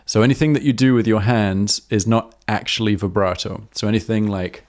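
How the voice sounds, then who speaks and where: A man's voice: lowish voice, fairly even intonation, brisk, a little mellow. Chatty man teaching harmonica live. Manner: chatty and self-correcting, with many ums and uhs. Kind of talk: casual live-stream teaching.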